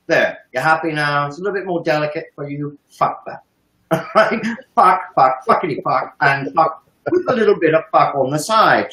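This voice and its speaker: A man's voice: on the high side, fairly bright tone, echoey room, rough recording. A man in a profane, emphatic ranting monologue, swearing heavily to make his point. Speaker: commentator.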